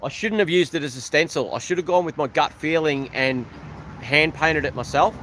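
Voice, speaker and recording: On a livestream outdoors beside an old truck, an Australian host chats casually, rambling and thanking viewers by name. His voice is a little high and a bit bright, and he talks at normal speed.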